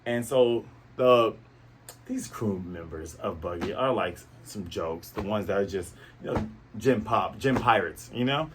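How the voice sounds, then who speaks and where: A man recapping a comic chapter in a casual, animated way, full of sound effects. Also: lowish voice, a little slow, slight background noise. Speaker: manga reviewer.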